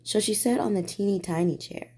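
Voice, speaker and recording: A woman reading a bedtime storybook aloud in a gentle, soothing way. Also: mid-range voice, a little fast, husky.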